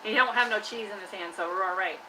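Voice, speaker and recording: A woman's voice: medium pitch, quick pace, very noisy. A woman chatting casually on a live stream from her workshop, teasing and scolding her trash can like a buddy. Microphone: live-stream camera mic.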